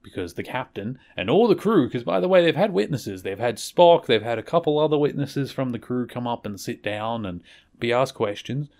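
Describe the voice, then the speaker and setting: A man's voice: mid-range voice, animated, moderate pace, darkish tone. A man hosting a podcast, recapping a television episode in a rambling, conversational way and correcting himself as he goes. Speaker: podcast host.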